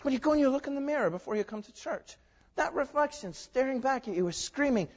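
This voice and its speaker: A man preaching a sermon in a church, lively and emphatic, moving between loud declarations and quiet asides. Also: very high-pitched, fast. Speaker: pastor. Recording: dull sound with long hall reverb.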